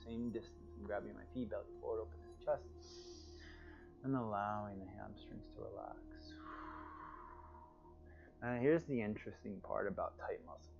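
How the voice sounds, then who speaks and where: A man teaching a guided yoga class over a livestream, with calm, soothing, drawn-out cues and sighs of relief. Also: lowish voice, creaky, dull audio, music in the background.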